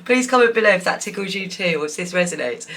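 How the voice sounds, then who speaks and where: Woman tarot reader, pick-a-card style, lowish bright voice, loose and giggly delivery full of fillers. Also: expressive, fast, a little hiss or hum. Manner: chatty, giggly, warm and encouraging, many fillers.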